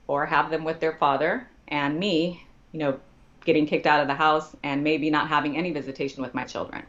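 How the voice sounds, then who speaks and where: A woman's voice: deep voice, lo-fi sound. A woman, a podcast guest, telling a personal story with feeling and acting out each person's words in dialogue, her voice climbing when she speaks as herself in distress.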